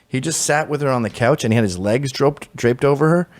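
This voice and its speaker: A man's voice: medium pitch, fairly quick, dry recording. Sardonic man telling a funny story. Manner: exasperated, sardonic, animated. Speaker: podcast host telling a story. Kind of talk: comedic storytelling, casual chat.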